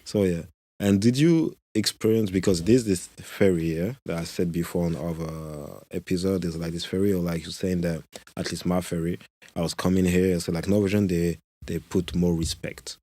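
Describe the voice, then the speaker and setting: A man's voice: low voice, steady tone, moderate pace, mellow, no echo. A man hosting a podcast in his second language, French being his first, talking in a hesitant, filler-heavy way with many restarts. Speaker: podcast host. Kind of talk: conversational interview.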